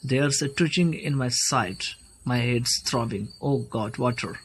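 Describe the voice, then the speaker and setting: A man's voice: medium pitch, unhurried, a little hiss or hum, close to an everyday voice. A man reading aloud as an anxious, touchy young landowner who complains and protests. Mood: indignant. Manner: complaining, indignant. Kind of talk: play read aloud.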